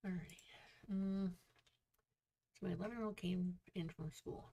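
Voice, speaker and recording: A woman's voice: lowish voice, fairly even intonation, moderate pace, vocal fry, mellow. A woman hosting a casual author livestream, chatty and telling jokes to viewers. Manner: chatty, joke-telling, reads viewer comments aloud.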